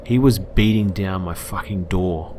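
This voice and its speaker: A man's voice: deep voice, unhurried, very noisy. Young Australian man reading a scary story. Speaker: YouTube storyteller.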